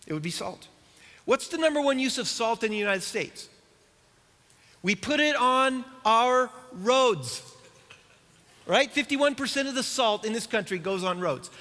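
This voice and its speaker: A middle-aged man preaches to a church congregation in an unusually high, bright voice. He keeps it conversational, with dry humor and rhetorical questions. His words ring out with the long reverb of a church auditorium. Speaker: pastor. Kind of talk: sermon.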